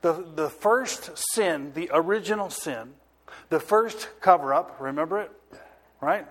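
A man delivers a sermon in a high, light voice at an unhurried pace. He stretches the important words and pauses often to ask whether the listeners are following him. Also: expressive, fairly bright tone. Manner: asks the audience if they are listening. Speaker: pastor.

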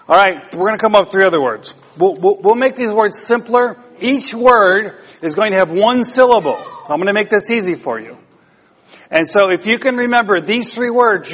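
A man's voice: sits high, fairly bright tone, long reverb tail. A man preaching an interactive sermon as pastor, playfully quizzing the congregation and asking them to repeat words. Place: church.

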